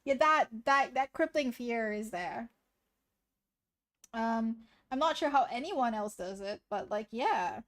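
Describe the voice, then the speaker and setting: A woman's voice: on the high side, lively intonation, takes it slowly, a bit bright. A woman hosting a livestream, chatting casually with viewers, giggly and rambling, a bit sniffly, on a noise-suppressed desk mic. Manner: giggly, rambling, self-deprecating. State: sniffly from sneezing. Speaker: livestream host. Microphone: desk microphone with noise suppression.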